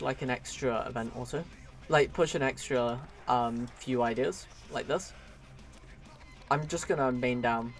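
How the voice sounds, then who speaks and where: This medium-pitched man chats with his viewers while streaming a strategy game live, offering relaxed commentary and frequently laughing.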